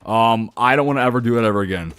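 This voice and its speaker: A man live-streaming a video game, animated, laughing and chatting with his viewers. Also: medium pitch, racing, clear, resonant tone, dry recording. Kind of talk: live gameplay commentary.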